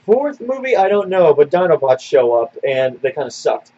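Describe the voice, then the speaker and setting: A man with a fairly high, husky voice talks in a loose, rambling way, full of fillers and restarts. He answers listener questions on a casual podcast. The sound is slightly muffled and lo-fi. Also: big pitch swings, moderate pace, mellow. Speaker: podcast co-host.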